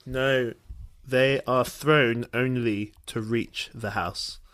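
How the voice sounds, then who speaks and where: A man's voice: mid-range voice, fairly even intonation, drawn-out words, a bit bright, smooth. Teasing man on a comedy podcast. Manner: dry, teasing, corrects his co-host. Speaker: podcast co-host. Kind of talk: casual comedic chat.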